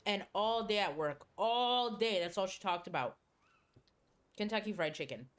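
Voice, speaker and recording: A woman's voice: medium pitch, moderate pace. A woman streaming a game, casually telling a long story with lots of swearing and laughter. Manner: animated, swears freely, laughs while telling. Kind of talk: casual storytelling during a livestream.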